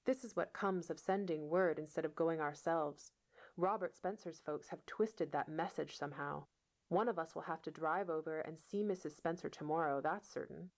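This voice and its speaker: A woman voicing a stern, sharp-tongued older spinster who speaks in a brisk, scolding way. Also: sits low.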